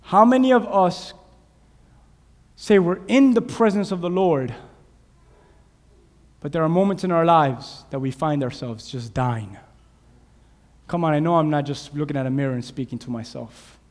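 A man preaching a sermon, animated, acting out shouted voices from Bible stories. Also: a little high, normal speed, pauses often. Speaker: pastor. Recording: long hall reverb.

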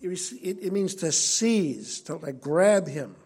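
A male preacher delivers an earnest sermon with a high, husky voice. He teaches in a conversational tone and stresses his key points. The delivery stays plain and direct. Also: lively intonation, measured pace, a little mellow.

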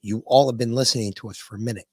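A man's voice: mid-range voice, fairly even intonation, rapid-fire, a crowd in the background. A man co-hosting a podcast, reacting bluntly to clips with some swearing. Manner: blunt, emphatic, profane. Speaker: podcast co-host. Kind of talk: casual chat and clip commentary.

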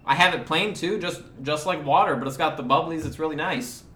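Pushy woman drink vendor, a man doing the voice, bright, in a roomy space, accent all over. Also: a little high, brisk, close to an everyday voice. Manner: pushy sales patter, wandering accent. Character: chatty woman drink vendor pushing fizzy spritzers.

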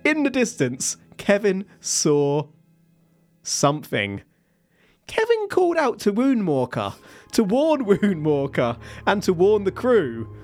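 A man's voice: sits high, wildly swooping pitch, slow, darkish tone, soft background music. A man telling a sea story to his co-host in a casual, wry way, with playful asides and laughs.

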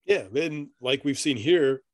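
On a dry recording, a male podcast co-host with a medium-pitched voice talks slowly in casual conversation. He rambles through his notes, reads passages aloud, and laughs frequently.

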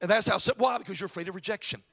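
A man preaching a sermon to his congregation, swinging between quiet asides and shouted exhortation. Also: sits high, racing. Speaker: pastor.

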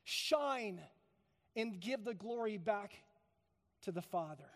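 A pastor preaching a sermon in a church, emphatic, building to loud peaks and then dropping soft. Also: male voice, high voice, expressive, slow pace, big-room sound. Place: church sanctuary.

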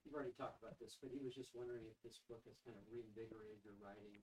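A man on staff reading out an audience question, quietly and hurriedly. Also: fairly low pitch, fairly even intonation, rapid-fire, rough recording.

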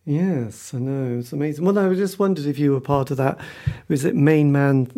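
A man's voice: fairly high pitch, moderate pace, mellow. A man interviewing a guest, reacting with enthusiasm and asking hesitant, meandering questions. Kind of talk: casual interview chat.

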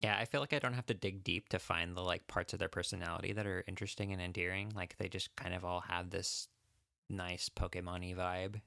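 Deep, gravelly man musing aloud. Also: steady tone, brisk, bright, forceful tone. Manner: thoughtful, hesitant, many fillers. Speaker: podcast co-host. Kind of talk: casual chat.

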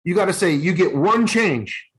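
A man's voice: high-pitched, expressive, moderate pace, breathy edge. A man co-hosting a podcast in casual chat, blunt and profane, handing out advice. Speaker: podcast co-host.

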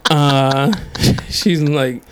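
A man's voice: very slow, background noise. A man telling stories in casual chat, acting out quotes and laughing often. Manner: animated storyteller, acts out quotes in high voices, laughs often.

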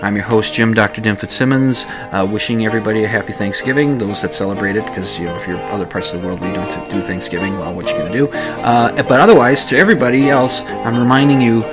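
A man's voice: on the low side, steady tone, fast, over loud music. A man hosting his own radio talk show, rambling casually with many hesitations, fillers and restarts.

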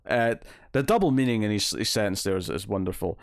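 A man's voice: lowish voice, a little fast, dry recording, studio quality. A man co-hosting a casual comic book discussion, rambling with many fillers and restarts, acting out lines as he retells scenes. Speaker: podcast co-host.

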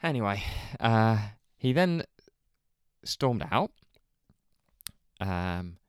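A man telling a story in casual chat, animated, swearing and laughing often. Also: fairly low pitch, drawn-out words, clean tone, no echo, studio quality. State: hungover. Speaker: podcast co-host telling a story.

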